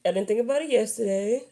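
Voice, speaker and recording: A woman's voice: fairly high pitch, mellow. A young adult woman vlogger chatting candidly and rambling, laughing often as she talks. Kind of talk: casual chat.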